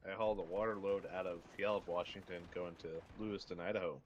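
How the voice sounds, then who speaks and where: Rambling low-voiced man over game gunfire. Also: fairly even intonation, fast talker, muffled recording. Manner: rambling storyteller, laughs at himself. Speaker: streamer, former truck driver. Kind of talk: casual gaming chat. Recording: gunfire noise behind voice. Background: game gunfire and explosions.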